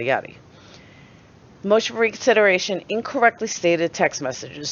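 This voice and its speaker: New york lady ranting low and sarcastic, swears a lot, voice jumps all over, muffled lo-fi sound. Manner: blunt, sarcastic, swears freely. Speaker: channel host. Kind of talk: opinionated commentary.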